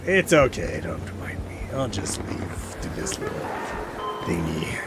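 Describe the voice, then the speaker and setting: A man live-streaming a game, chatting with viewers and shouting and yelping at the action. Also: low voice, very animated, a little slow. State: slightly dry throat. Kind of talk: casual chat while playing a game live. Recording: loud game noise behind.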